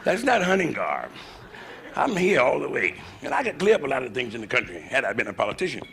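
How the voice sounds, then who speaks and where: A man in his fifties doing a bawdy live stand-up routine, talking to a club crowd and jumping into loud put-on voices. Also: mid-range voice, huge pitch swings, fast talker, gravelly. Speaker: stand-up comedian. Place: live club stage with audience. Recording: noisy live club recording.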